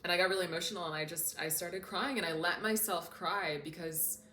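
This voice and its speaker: A woman with a fairly low voice talks casually to her camera as a coach. She sounds earnest and openly emotional. The room is echoey, with a faint hum underneath. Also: fairly even intonation, fairly quick, bright, forceful tone. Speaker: self-development coach.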